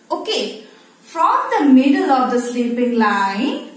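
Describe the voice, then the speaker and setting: A woman teacher giving a slow phonics lesson to young children, often checking in with "okay?" as she goes. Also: high voice. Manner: slow, sing-song, repeats and checks with "okay?". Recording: very echoey room.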